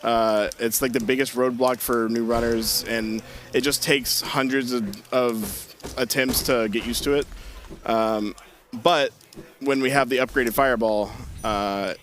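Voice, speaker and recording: A young-sounding man talks loosely about his speedrun while he plays. His voice sits at an ordinary pitch, and his delivery is chatty and informal, with frequent "like"s and light laughter. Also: fairly even intonation, measured pace, fairly bright tone, a little hiss or hum. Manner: casual, lots of "like" and laughs. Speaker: speedrunner on a live stream. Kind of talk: casual commentary.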